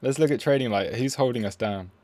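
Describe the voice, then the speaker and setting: A man's voice: medium pitch, quick pace, darkish tone. A man, chatting playfully on a live trading stream and talking at the price chart.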